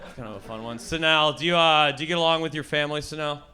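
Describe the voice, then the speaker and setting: A young man performing a crude stand-up comedy set with quick crowd-work asides, over audience laughter. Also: fairly high pitch, heavy background noise. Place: live comedy show with audience. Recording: loud crowd laughter, live show. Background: loud audience laughter.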